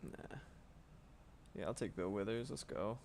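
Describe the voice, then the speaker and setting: A man's voice: mid-range voice, a little slow, slight background noise. A man streaming casually while drawing, rambling and swearing freely with frequent laughs.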